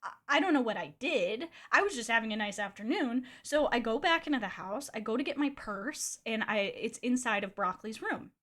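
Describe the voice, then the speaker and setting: A woman's voice: fairly high pitch, lively intonation, fairly quick, a bit bright. A young adult woman streamer telling a personal story in a candid, chatty way, swearing freely and filling with "like". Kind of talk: casual storytelling.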